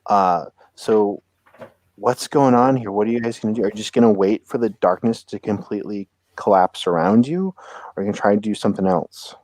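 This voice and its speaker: Low, dark-voiced man running the game. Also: a little fast, no room sound. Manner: asks players questions, describes scenes. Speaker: game master. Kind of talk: narrating a tabletop game.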